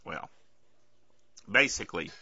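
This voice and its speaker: A man hosting a podcast in a casual, sarcastic tech-news chat, bothered by a sore throat and clearing it often. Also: slow pace, pushed and bright, no room sound. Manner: chatty, sarcastic, keeps asking "okay?". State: throat trouble, keeps clearing his throat. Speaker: podcast host. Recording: dull lo-fi dry recording.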